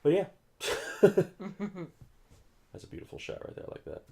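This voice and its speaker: A man's voice: normal speed, mellow. A young man rambling casually while commenting on an old monster movie, with many restarts.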